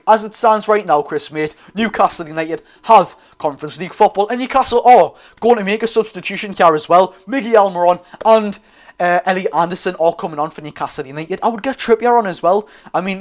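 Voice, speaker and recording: Commentary and chat on a live match come from a young man with a Geordie accent hosting a football watchalong. He talks loosely, often correcting himself and calling to the lads, in a voice slightly above average male pitch.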